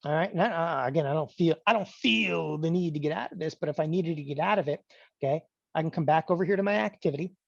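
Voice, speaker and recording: A middle-aged man teaching option trading in a live webinar, energetic and emphatic, with mock-panicked asides. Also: a little high, fast, vocal fry, no room sound, highs cut off. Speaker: trading educator. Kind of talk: live webinar screen-share demo.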